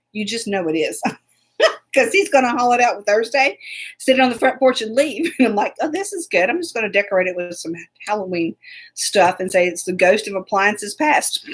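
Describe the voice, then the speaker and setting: A woman's voice: fairly high pitch, fairly bright tone, slightly rough. A woman hosting a casual live stream, chatty and laughing often as she greets viewers by name. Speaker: host.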